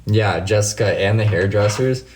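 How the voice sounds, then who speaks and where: A man's voice: fairly low pitch, moderate pace, a little hiss or hum. A man, chatting casually on a late-night livestream, answering viewers by name, laughing often and swearing freely. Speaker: livestream host.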